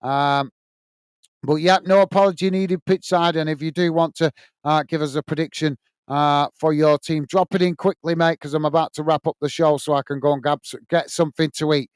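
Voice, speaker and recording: A British man hosting a casual football live stream, filling his talk with "uh" as he reads out comments and thanks viewers one by one. His voice sits a little high for a man and comes through smooth and clear. The sound is dry and close, with little room around it. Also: fairly even intonation, a little fast, dry recording. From United Kingdom. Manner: chatty, many "uh" fillers, friendly sign-offs to viewers.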